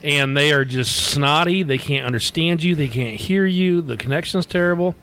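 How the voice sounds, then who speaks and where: A man's voice: a little high, moderate pace, a bit bright, slight background noise. A man from the United States co-hosting a podcast, telling stories in a blunt, profane, casual way. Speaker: podcast co-host. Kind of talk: casual chat.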